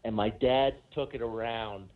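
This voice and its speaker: A man's voice: fairly low pitch, steady tone, a little slow. Brief: male co-host, casual rambling storyteller, narrow phone-line sound. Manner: rambling anecdote with many fillers. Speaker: podcast co-host. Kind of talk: casual chat.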